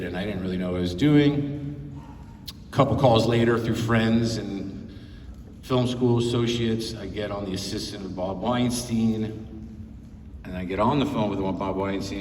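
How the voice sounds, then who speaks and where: A man's voice: on the low side, a little mellow, slight background noise. A man in his fifties, a film producer on a convention panel, telling rambling anecdotes with chuckles and quotes he acts out. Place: large convention hall panel. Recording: echoey hall, voice from far off.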